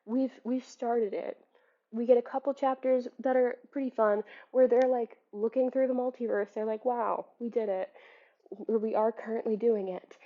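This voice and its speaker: A young woman with a fairly high voice talks through a book in a casual video essay, sarcastic and exasperated, breaking into laughter at her own asides. The sound is a little dull and lo-fi. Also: steady tone, moderate pace. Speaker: book reviewer. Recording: slightly muffled lo-fi audio.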